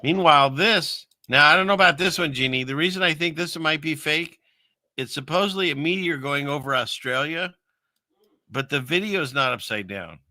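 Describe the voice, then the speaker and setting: On a dry recording, a man with a fairly high, bright, forceful voice speaks at normal speed. He's a show host giving casual commentary on video clips, rambling wryly and addressing his chat.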